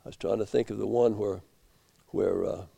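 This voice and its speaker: A man preaching a sermon, swinging from low, quiet asides up to loud emphatic peaks. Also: fairly even intonation, moderate pace, gravelly, husky. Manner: rising to emphatic peaks, then dropping low.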